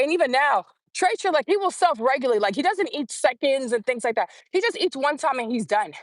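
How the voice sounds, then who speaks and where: A woman in her forties with a high voice talks straight to her phone on a casual live stream. She is blunt and animated, and she hammers her points home by saying them twice. The sound is close and dry, with no room around it. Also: brisk, dry recording. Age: 40s. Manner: blunt, animated, repeats phrases for emphasis.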